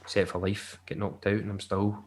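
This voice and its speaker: A man's voice: on the low side, level tone, normal speed. A man co-hosting a podcast, rambling and joking in casual chat. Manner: rambling and jokey, laughs often. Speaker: podcast co-host.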